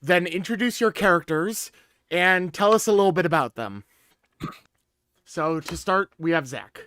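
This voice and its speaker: Bright, clear-voiced man running the game. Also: high voice, expressive, no room sound. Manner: joking, loose, quick asides. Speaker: game master. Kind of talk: casual game intro chat.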